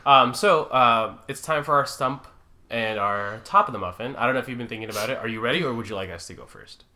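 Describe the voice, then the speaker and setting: A man with a Canadian accent co-hosting a podcast, chatting casually and joking with quick asides. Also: mid-range voice, sharp tone, slight background noise. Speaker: podcast co-host. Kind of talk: casual banter.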